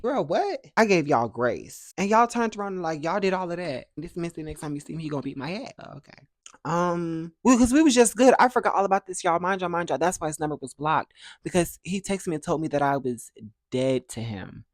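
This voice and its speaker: Dry, animated storytelling young man. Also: fairly high pitch, brisk, no room sound. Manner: animated, acts out other people's dialogue in playful voices. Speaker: vlogger. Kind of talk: casual storytime vlog.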